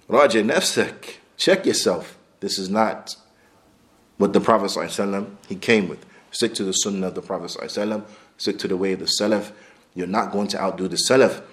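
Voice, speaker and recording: A man teaching a class on hadith, talking bluntly and casually with lively asides, dropping Arabic terms into his English. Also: lowish voice. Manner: animated, blunt street-style talk, laughs, mixes in Arabic terms. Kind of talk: lecture on hadith.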